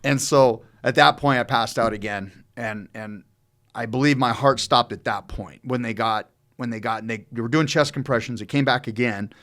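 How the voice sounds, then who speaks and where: A man in middle age chats on a podcast, spinning a long, rambling tale. His talk is loose and profane, and his voice sits at an ordinary middle pitch. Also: moderate pace, a bit bright. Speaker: podcast co-host telling a story. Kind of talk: casual storytelling chat.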